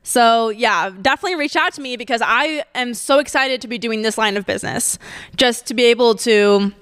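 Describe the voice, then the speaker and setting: A woman's voice: on the high side, fairly quick, a bit bright, smooth, dry recording, clean studio sound. A woman, hosting a solo podcast and chatting casually, gushing and laughing often. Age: 20s. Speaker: podcast host.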